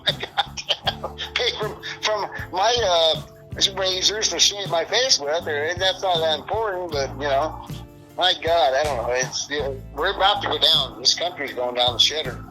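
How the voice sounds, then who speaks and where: A man's voice: high voice, normal speed, sharp tone, soft background music, low-quality recording. A middle-aged man being interviewed, talking in a rambling, profane, frustrated way. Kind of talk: casual interview.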